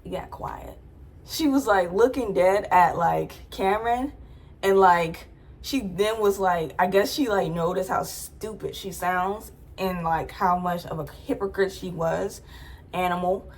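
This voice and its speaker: A woman's voice: on the low side, a little slow. A young adult woman vlogger telling a personal story in a casual, chatty way, full of "like" fillers.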